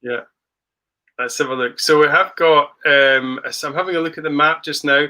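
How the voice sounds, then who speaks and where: A man co-hosting a podcast in easy, playful banter. His voice is strikingly bright and forceful, and sits a little high for a man. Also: fairly even intonation, moderate pace. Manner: jokey, playful. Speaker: podcast co-host. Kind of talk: casual banter.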